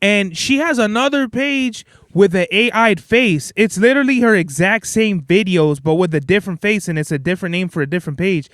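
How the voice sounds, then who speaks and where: Young guy ranting on his podcast, high smooth voice, cussing a lot, dry close sound. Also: fairly quick, few pauses, no room sound. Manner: blunt, profane, animated storytelling. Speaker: podcast host. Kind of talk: casual ranting monologue.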